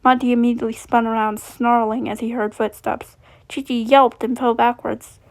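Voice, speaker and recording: A woman reading a fan fiction story aloud, steady, with frequent slips and restarts. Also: a little high, moderate pace.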